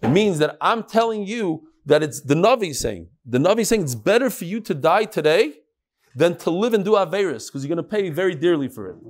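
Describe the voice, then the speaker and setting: A man's voice: sits high, very animated, a little fast. A man teaching a Talmud class, reading the text aloud and translating it line by line. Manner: reads Hebrew-Aramaic text then translates in Yeshivish English.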